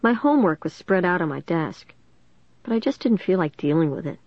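A woman narrating a first-person storybook in an expressive reading voice. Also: fairly low pitch, brisk, dry recording. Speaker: audiobook narrator. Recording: dull, dry lo-fi recording.

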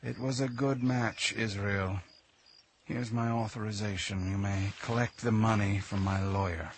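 An actor playing a cold, scheming master craftsman who speaks in a gravelly, measured, icy way in a radio drama. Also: fairly low pitch, steady tone, slight background noise.

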